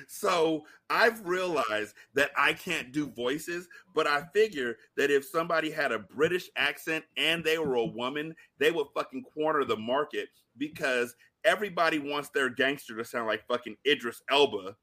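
A man's voice: a little high, normal speed, hardly any pauses. A man co-hosting a podcast, chatting casually and telling stories with lots of swearing. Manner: profane, animated storytelling. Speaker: podcast co-host.

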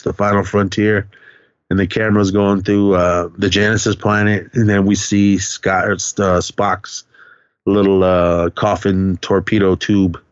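A man's voice: low voice, smooth, no echo, highs cut off. A man hosting a podcast, casually retelling a movie scene in a rambling way with lots of fillers and restarts. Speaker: podcast host.

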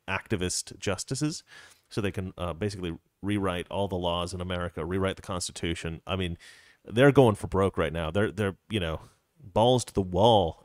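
A man's voice: low-pitched, dry recording, clean studio sound. A man hosting a political live stream, talking casually and rambling with frequent restarts.

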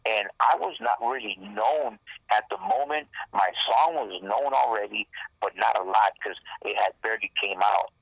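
A man's voice: fairly low pitch, expressive, normal speed, vocal fry, no room sound, dull audio. A man, a rapper guest, telling a rambling, profane story in casual talk and acting out the lines people said. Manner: profane, rambling, acts out quoted dialogue.

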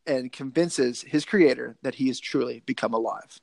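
A man's voice: medium pitch, moderate pace, gravelly, darkish tone, dry recording. A man casually co-hosting a movie podcast, talking in a loose, rambling, jokey way. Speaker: podcast co-host.

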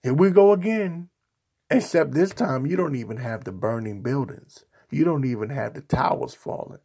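A man's voice: mid-range voice, normal speed, gravelly, warm tone, slightly rough. A man delivering a sarcastic, mocking opinion rant on a vlog, hammering his points with repetition and insults. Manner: repetitive, emphatic rhetoric. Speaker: political commentator.

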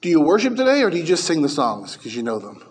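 High-voiced man preaching emphatically. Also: wildly swooping pitch, fast. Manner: emphatic preaching, rising and falling in pitch and volume. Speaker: pastor. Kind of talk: sermon.

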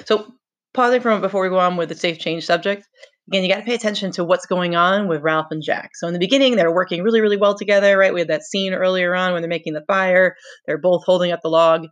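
A woman's voice: lowish voice, fast talker. Woman teacher reading aloud, chatty asides. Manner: conversational, explains with rhetorical questions. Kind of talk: reading a novel aloud with commentary.

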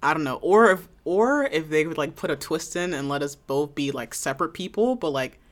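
A young woman co-hosting a casual chat, laid-back and slangy and quick to laugh. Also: low voice, expressive. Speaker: podcast co-host.

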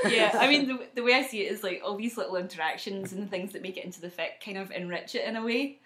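A woman's voice: medium pitch, fast, sharp tone, reverberant, slight background noise. A woman co-hosting a casual podcast, talking modestly and hesitantly about writing fan fiction. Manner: hesitant, modest, lots of fillers. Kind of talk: casual chat.

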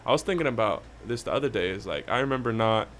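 A young man with a lowish voice talking easily and slangily with a friend. A faint noise runs behind him. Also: expressive, quick pace, fairly bright tone. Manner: laid-back, slangy, says "bro" often. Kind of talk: casual chat.

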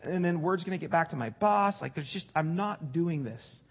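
Guy putting on a proud army commander, high husky voice, huffing and griping on and on. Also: animated, normal speed. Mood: defiant. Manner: huffy, rambling complaints.

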